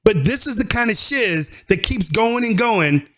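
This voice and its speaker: A man's voice: sits high, expressive, measured pace, faint music behind. A man giving a heated, slang-filled video commentary and lecturing his viewers. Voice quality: forceful, preachy rant with slang. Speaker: YouTube commentator. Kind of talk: ranting commentary.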